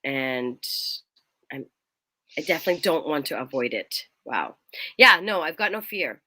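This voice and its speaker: A woman's voice: low voice, big pitch swings, moderate pace, pushed and bright, no echo. A woman co-hosting a casual chat show, giggly and rambling, often correcting herself, recorded in a room at home. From England. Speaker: co-host.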